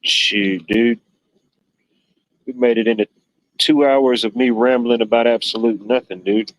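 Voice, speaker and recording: A man's voice: medium pitch, fairly even intonation, a little slow, no room sound, rough recording. A man hosting a livestream in casual chat, rambling and joking, with "you know" sprinkled throughout. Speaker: livestream host.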